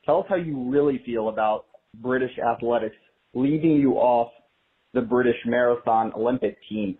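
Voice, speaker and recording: A man phoning in to a podcast, playfully setting challenges for the hosts. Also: medium pitch. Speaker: caller. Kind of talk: phoned-in prompt. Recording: tinny phone line.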